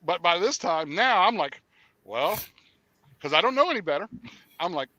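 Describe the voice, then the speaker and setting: Male guest, lively storyteller who acts out voices and trails off with fillers; bright tone, dry close sound. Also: sits high, normal speed, dry recording, dull audio. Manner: animated storyteller, acts out dialogue; hesitant with fillers. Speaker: interview guest. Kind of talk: casual conversation.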